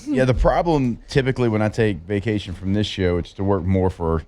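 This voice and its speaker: A man co-hosts a morning sports radio show in a relaxed, joking way. His voice sits low. He banters casually with the studio crew. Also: a little fast.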